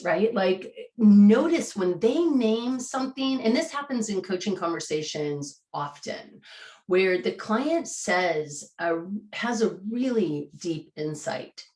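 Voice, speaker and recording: Animated woman coach in a roomy space. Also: on the low side. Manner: animated, conversational, acts out client questions. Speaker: coaching trainer. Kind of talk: live online coaching workshop.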